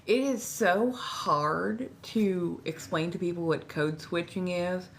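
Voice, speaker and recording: A woman's voice: lowish voice, takes it slowly, a little hiss or hum. A woman from Southern California with a Californian accent, chatting casually with her livestream chat, often repeating herself as she reads and answers. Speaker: ASMR livestream host.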